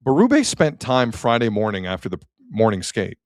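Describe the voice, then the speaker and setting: A man with a Canadian accent hosting a sports talk show, opinionated and animated, reacting to chat comments. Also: on the low side, normal speed, dry recording, clean studio sound. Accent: Canadian English.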